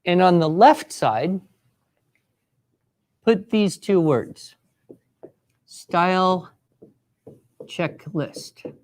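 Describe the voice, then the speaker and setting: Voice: medium pitch, expressive, drawn-out words, pauses often, darkish tone. A writing teacher leading a live classroom workshop, encouraging students and giving step-by-step directions. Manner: acts out sample voices for students.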